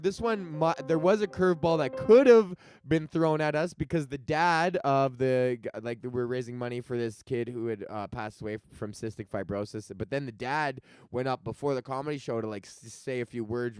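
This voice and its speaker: A man's voice: medium pitch, normal speed, few pauses, clear, resonant tone. A man hosting his own comedy podcast, telling stories in a casual, profane rant and acting out the lines of people he quotes. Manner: profane, animated storytelling with acted-out quotes. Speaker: podcast host and stand-up comedian.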